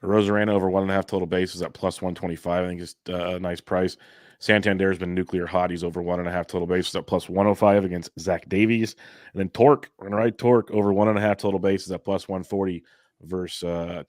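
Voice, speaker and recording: Deep fast-talking male betting analyst. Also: level tone, a little mellow, no echo, clean studio sound. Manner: rattles off lists of picks and prices. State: exhausted. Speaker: fantasy baseball analyst. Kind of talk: quick betting picks and casual chat.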